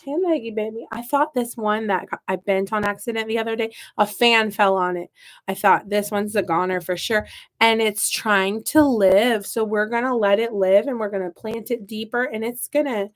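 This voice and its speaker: A woman's voice: mid-range voice, fairly even intonation, moderate pace. A woman from the Midwest putting on a Southern accent, chatting and joking to her viewers and talking to her seedlings as she works. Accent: put-on Southern US. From American Midwest. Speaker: gardening channel host. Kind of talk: casual live-stream chat while working.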